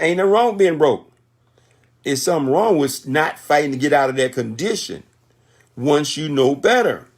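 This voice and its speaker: A man's voice: fairly high pitch, darkish tone. A man in his sixties giving a motivational talk on a conference call, emphatic and repetitive like a sermon. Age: 60s.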